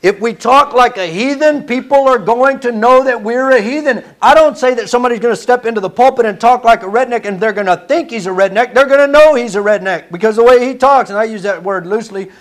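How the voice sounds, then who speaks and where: A man's voice: very high voice, fast talker, hardly any pauses. A man preaching a sermon in an earnest, conversational way, stumbling and restarting now and then.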